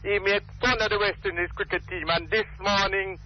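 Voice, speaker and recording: A man's voice: high-pitched, steady tone, moderate pace, slight background noise. Emphatic older Jamaican man on a call-in line. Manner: emphatic, rambling, repetitive. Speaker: radio call-in caller. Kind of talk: impassioned call-in talk. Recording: muffled phone-in radio line.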